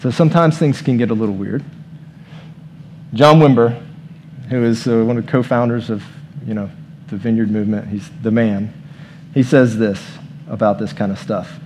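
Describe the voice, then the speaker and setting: A man's voice: lowish voice, fairly even intonation, normal speed, darkish tone, a little hiss or hum. Man preaching an informal, chatty sermon. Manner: informal, leads the room in prayer. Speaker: pastor. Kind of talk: conversational sermon.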